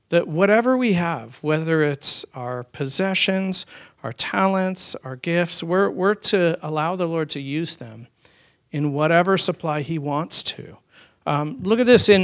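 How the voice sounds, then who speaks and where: A man's voice: on the high side, a bit bright. A man preaching a conversational sermon as pastor, telling personal stories with frequent restarts. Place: church.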